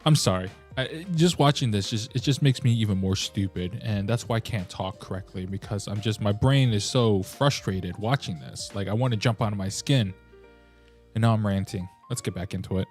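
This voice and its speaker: A man's voice: fairly low pitch, moderate pace, darkish tone, soft background music. A man hosting a reaction video, ranting animatedly in a casual way and slipping into mocking voices. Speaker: host.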